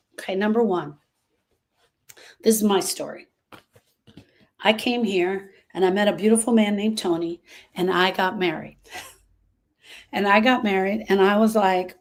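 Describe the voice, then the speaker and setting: Animated older woman teaching about grief. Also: mid-range voice. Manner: animated, conversational storytelling. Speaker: grief coach. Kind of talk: teaching talk to a group.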